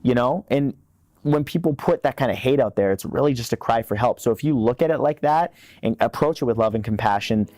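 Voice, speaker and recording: A man's voice: medium pitch, brisk, dark tone, no room sound, studio quality. A man, speaking earnestly as an interview guest and repeating words when stressing a point. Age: 30s. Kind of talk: candid interview talk.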